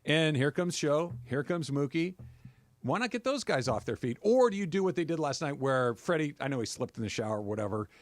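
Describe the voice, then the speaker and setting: Animated male sports radio host. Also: fairly high pitch, no echo. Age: middle-aged. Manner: animated, argumentative, quick asides. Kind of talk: sports talk radio banter. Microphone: studio mic.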